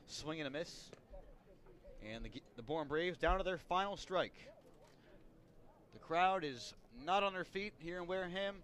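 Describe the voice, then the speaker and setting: A man calling baseball play-by-play, relaxed and chatty, lifting his voice on big plays. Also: fairly high pitch. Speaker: play-by-play announcer.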